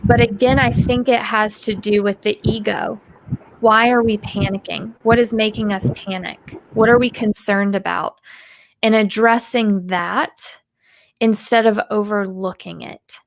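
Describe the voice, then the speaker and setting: A woman from the United States answering interview questions as a communication coach, animated and acting out example voices. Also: medium pitch, measured pace, creaky, noisy background.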